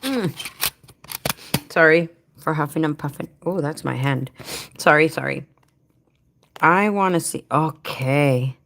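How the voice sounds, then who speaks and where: A woman hosts a casual livestream for home care workers, speaking in a low, creaky voice with a fairly bright tone. She talks slowly and pauses often, chatting and rambling straight to her viewers with affectionate asides. Her audio comes through a head-mounted rig.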